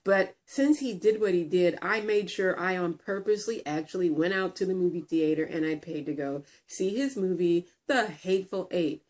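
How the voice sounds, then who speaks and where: A woman's voice: on the low side, normal speed, few pauses, darkish tone. A woman vlogger telling a story in a casual commentary video, blunt and profane, often stumbling over and repeating words.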